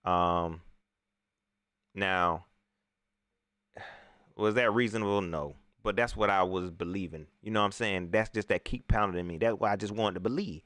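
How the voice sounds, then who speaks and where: A man hosting a casual post-game livestream, slangy and animated, often repeating himself. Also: low voice, normal speed, pauses often, dry recording. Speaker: sports talk show host.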